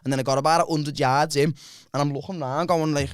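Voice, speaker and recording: Podcast host, Liverpool man, high-pitched and quick, swears freely while telling stories. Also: clear, resonant tone, dry recording, studio quality. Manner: swears a lot, tells stories with lively quoted dialogue. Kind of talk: casual storytelling chat.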